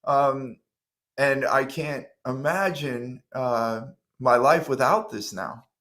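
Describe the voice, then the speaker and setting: A man's voice: mid-range voice, slow. A middle-aged man, a guest on a talk show, earnestly telling his own story and acting out what he once said to himself. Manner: earnest, animated, acts out his own past words. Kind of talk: interview storytelling.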